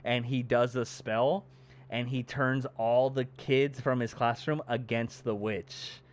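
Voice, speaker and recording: A man's voice: mid-range voice, slow pace. A young man co-hosting a podcast, chatting casually and acting out scenes with lots of swearing. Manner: animated storyteller, swears casually, acts out scenes. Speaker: podcast co-host. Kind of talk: casual chat.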